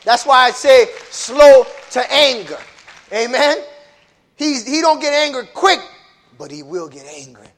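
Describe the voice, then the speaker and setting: A man preaches a sermon in a high voice, from the pulpit as pastor. He swings from booming, shouted lines down to hushed, low ones. He calls out to his congregation as he goes. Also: animated, a little slow.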